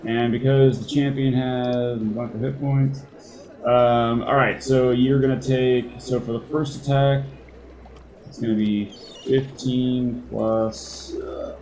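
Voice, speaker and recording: A man running a tabletop game as dungeon master, unhurried and chuckling as he thinks aloud between dice rolls. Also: mid-range voice, flat delivery, a little mellow.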